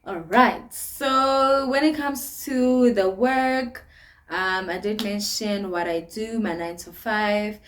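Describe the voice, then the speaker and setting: Giggly South African young woman, slow-paced. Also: medium pitch, fairly bright tone. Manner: giggly, laughs often between phrases. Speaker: vlogger. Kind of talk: casual sit-down chat.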